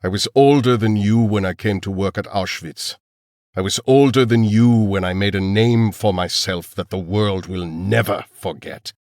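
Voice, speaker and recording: A man's voice: lowish voice, no echo, studio quality, lightly acted. Man putting on a cold old villain doctor. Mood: menacing. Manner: calm, menacing, slow. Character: cold elderly male villain scientist.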